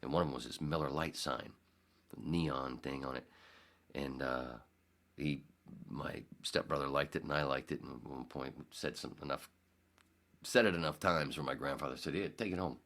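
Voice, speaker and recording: A man's voice: a bass voice, steady tone, moderate pace, vocal fry, a bit bright. A man in his fifties hosting a podcast, telling a long rambling story with restarts and acted-out quotes. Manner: rambling, self-correcting, acts out quotes. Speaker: podcast host. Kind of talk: casual storytelling.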